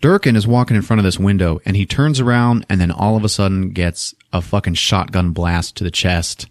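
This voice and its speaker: A man's voice: low voice, fairly quick, no echo, studio quality. A man co-hosting a podcast, retelling a film scene by scene in casual, profane talk and acting out the characters' lines. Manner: profane, animated storytelling, jumps into character voices. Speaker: podcast co-host recapping a film. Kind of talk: casual movie recap with acted-out lines.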